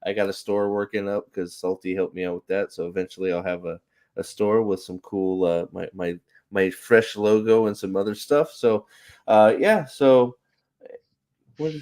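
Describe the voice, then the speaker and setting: A man with a lowish voice hosts a casual livestream. He rambles, restarts his sentences often and laughs easily. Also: fairly even intonation, moderate pace, darkish tone. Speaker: host.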